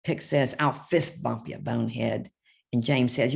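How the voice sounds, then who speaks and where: Gravelly low-voiced older woman reading a storybook. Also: fairly even intonation, measured pace, a little mellow. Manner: chatty, reads character lines with small voice shifts and asides. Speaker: children's book author reading aloud.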